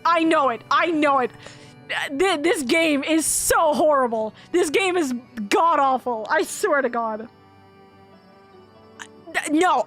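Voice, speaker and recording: A woman's voice: high-pitched, fairly bright tone. A woman game streamer in casual chat, rambling dramatically and repeating herself, with faint game music behind her.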